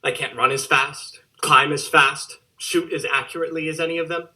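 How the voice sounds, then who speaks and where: A homesick young soldier writes home in an earnest, wistful way, as a man acts him. His voice is sharp and bright and sits a little high. It is a theatre monologue read as a letter. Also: steady tone, normal speed. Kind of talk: theatre monologue over video call.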